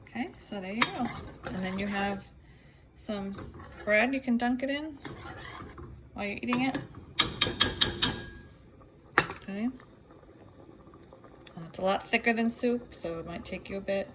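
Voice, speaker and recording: A woman's voice: mid-range voice, a little slow, pauses often. A woman giving a casual cooking demo in a kitchen, chatting as she goes. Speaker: cooking teacher. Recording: noisy kitchen with clattering dishes. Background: pots and dishes clattering.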